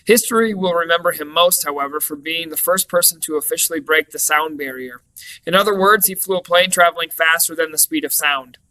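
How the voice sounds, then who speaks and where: A man reading a lesson text aloud in a clear, steady way, with the odd small self-correction. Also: fairly high pitch, low-quality recording. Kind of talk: read-aloud lesson narration.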